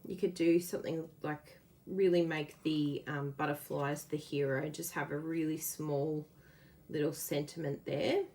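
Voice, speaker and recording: A woman hosting a casual card-making demo, chatty and quick to laugh as she works. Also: low voice, fairly even intonation, a little mellow. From Australia. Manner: chatty, laughs often, explains while working. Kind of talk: casual live craft demo.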